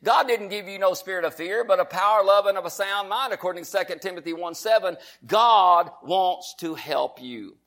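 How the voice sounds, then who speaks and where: A man preaching a sermon to viewers at home, fervent and repetitive, a self-described fast talker. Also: sits high, a bit bright. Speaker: pastor.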